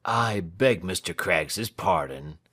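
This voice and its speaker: Man doing a moody, indebted young gentleman. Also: low-pitched, slow, heavily acted. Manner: quiet, impatient.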